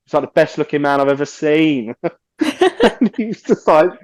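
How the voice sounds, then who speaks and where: A man's voice: fairly high pitch, normal speed, dry recording. A man, a podcast guest telling stories casually, animatedly acting out quotes and swearing freely.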